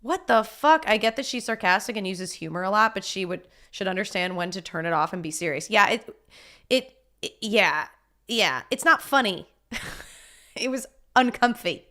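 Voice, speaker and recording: A woman's voice: medium pitch, lively intonation, normal speed, bright, forceful tone. A woman streaming a casual reaction, blunt and exasperated, swearing and laughing between points. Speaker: streamer reacting to a news video.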